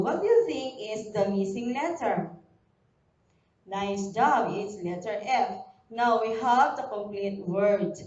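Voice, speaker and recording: Filipino woman teacher, unhurried and clear, voice a bit distant in a roomy space with dull sound. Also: medium pitch, darkish tone. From Philippines. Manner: slow, deliberate classroom delivery, spelling words letter by letter. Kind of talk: recorded online lesson for young pupils.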